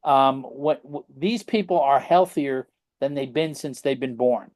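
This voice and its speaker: A man's voice: medium pitch, unhurried, a little mellow. A middle-aged man telling stories in a rambling interview, constantly checking in with tag questions. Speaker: guest practitioner. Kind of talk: casual anecdotal interview talk.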